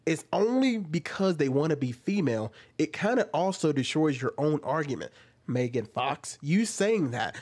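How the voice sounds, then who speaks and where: A man's voice: a little high, darkish tone, breathy edge. A young man giving reaction commentary, arguing with a string of rhetorical questions.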